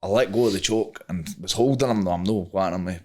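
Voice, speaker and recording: A man's voice: low-pitched, quick pace, darkish tone. A young Scottish man, a podcast guest, telling a rambling story casually, swearing freely and using many fillers. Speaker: guest, MMA fighter.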